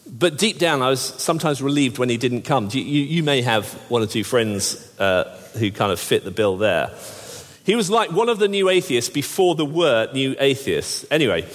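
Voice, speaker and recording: A man preaching a sermon, with wry, jokey asides and frequent restarts. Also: mid-range voice. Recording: long hall reverb.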